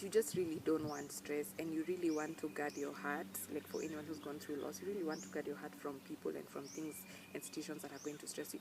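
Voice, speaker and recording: A young woman talking earnestly to camera, emphatic and animated when she quotes people. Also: sits low, background noise. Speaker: vlogger. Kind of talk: casual personal talk to camera.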